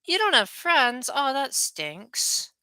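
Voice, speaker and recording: Young man, livestream chat, chatty and rambling, bright ringing tone, dry close mic. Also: very high voice, huge pitch swings, slow, clear, resonant tone, no echo. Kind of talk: casual livestream chat with viewers.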